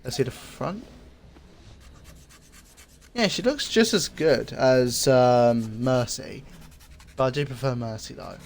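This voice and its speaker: A man giving a casual review of game items, speaking in an easygoing, rambling way and often pausing with fillers. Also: medium pitch, animated, gravelly, slight background noise. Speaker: gaming video creator.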